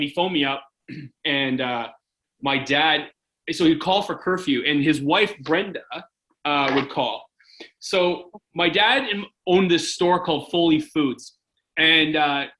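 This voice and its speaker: A man's voice: on the high side, sharp tone, low-quality recording. A man in his forties from Canada, a former hockey goalie telling stories in a casual interview, rambling with lots of "like" and "right?".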